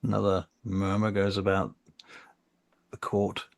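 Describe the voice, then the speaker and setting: A man narrating as game master of a tabletop role-playing game, halting often with fillers and restarts. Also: lowish voice, completely flat delivery, creaky.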